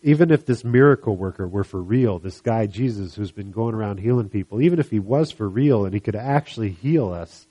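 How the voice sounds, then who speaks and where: A man preaching a sermon, retelling a Bible story in an animated way and acting out the voices of the people in it. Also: fairly low pitch, fairly quick, hardly any pauses, breathy edge. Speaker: pastor.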